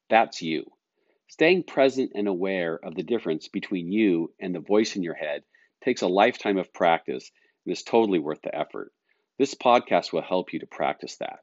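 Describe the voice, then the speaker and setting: Middle-aged male life coach hosting his own podcast; deep, calm, earnest delivery, recorded dry and a bit dull. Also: no room sound. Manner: calm, earnest, explaining with everyday examples. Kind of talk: solo podcast talk.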